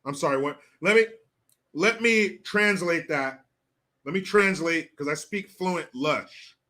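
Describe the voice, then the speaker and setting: Profane ranting man with a bright voice. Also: fairly high pitch, slow. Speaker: host. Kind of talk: political commentary rant.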